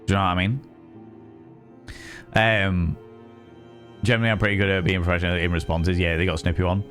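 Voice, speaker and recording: Guy streaming, fairly deep voice, sweary and emphatic, keeps repeating bits, faint music behind. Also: level tone, brisk, a bit bright. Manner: profane, emphatic ranting; repeats phrases and restarts mid-sentence. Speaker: streamer and voice actor. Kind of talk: casual livestream chat.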